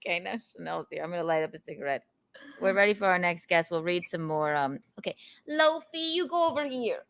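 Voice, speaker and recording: A woman's voice: fairly low pitch, fast talker, gravelly, fairly bright tone, clear, resonant tone, no echo. A woman hosting a casual podcast, playful and gushing, who keeps making puns. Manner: playful, punning, gushing about guests. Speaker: podcast host.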